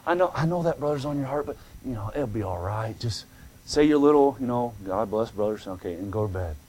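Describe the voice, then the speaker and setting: A male preacher voicing a sly devil who coaxes softly and lulls the listener. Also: mid-range voice, animated, a little fast, voice pushed down, close to an everyday voice. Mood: coaxing. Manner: hushed, soothing, lulling.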